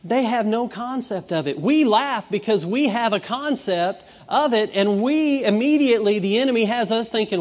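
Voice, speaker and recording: A middle-aged pastor preaches in a chatty, storytelling way and slips into children's voices. His voice sits high for a man. The recording is dull and carries a long hall echo. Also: lively intonation, normal speed. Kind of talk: sermon.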